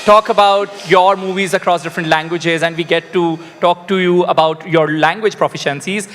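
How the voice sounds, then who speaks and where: A man's voice: high-pitched, fairly even intonation, moderate pace, a bit bright, soft background music. A man hosting an on-stage interview, asking friendly, rambling questions full of fillers. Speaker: interviewer host. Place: large indoor conference stage. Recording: reverberant event hall.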